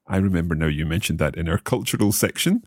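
Deep-voiced man learning with a lively lilt. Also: fast talker, dry recording, clean studio sound. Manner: curious, repeats phrases back and asks questions. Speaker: learner co-host of a language lesson. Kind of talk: casual teaching dialogue.

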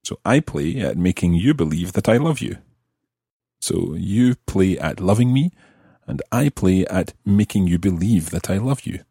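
Low husky guy explaining spanish grammar on a podcast, slow and careful, dry close sound. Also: expressive, dark tone, no echo. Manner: slow, careful explanations, repeating example phrases. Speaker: podcast language teacher.

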